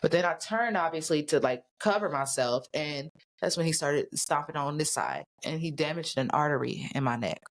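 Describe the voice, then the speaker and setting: A woman's voice: low-pitched, animated, moderate pace. A woman guest on a podcast, recounting events in casual, blunt talk and swearing freely. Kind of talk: casual storytelling.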